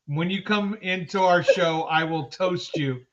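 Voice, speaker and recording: Man, slow joking podcast co-host, high bright voice, slightly dull audio. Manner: joking, self-deprecating, unhurried. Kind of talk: casual sports podcast chat.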